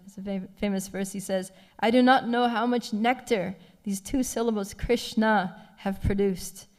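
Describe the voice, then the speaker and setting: A woman giving a devotional scripture class, retelling a story with animated feeling and frequent soft laughs. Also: medium pitch, long reverb tail. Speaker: class speaker. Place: temple class.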